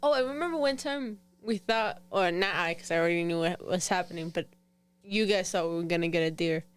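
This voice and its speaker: A woman in a casual family chat, telling a hunting story in a quick, amused way. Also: on the low side, clean tone. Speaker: family member, hunting companion.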